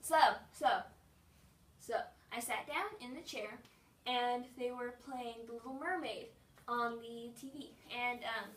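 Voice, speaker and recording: A woman's voice: fairly high pitch, a little slow, fairly bright tone, recorded from a distance. A woman vlogger telling a story to camera in a bubbly, chatty way, with lots of fillers. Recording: roomy sound from away from the mic.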